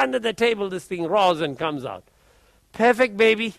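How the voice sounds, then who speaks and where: A man preaching, telling a testimony story in an animated way and often repeating his words. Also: high voice, moderate pace, vocal fry, no echo, raised voice.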